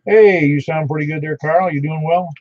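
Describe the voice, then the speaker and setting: Folksy ham radio net host. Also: male voice, on the high side, fairly even intonation, moderate pace, a little mellow, dry recording. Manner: folksy and chatty, reading out call signs. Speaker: net control for an amateur radio net. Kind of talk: casual on-air radio net chat. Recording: dull lo-fi radio audio.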